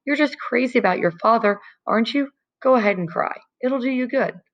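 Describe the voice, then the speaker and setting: A woman voicing a kind teenage boy who talks gently and reassuringly. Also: on the high side, fairly quick, lo-fi sound, voice pushed up, lightly acted. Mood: gentle.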